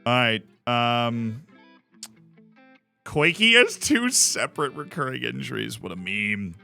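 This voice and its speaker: A man's voice: mid-range voice, sing-song, slow pace, vocal fry, pushed and bright, faint music behind. A man from Florida giving casual, enthusiastic commentary while streaming a game. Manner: chatty, enthusiastic, jokey asides.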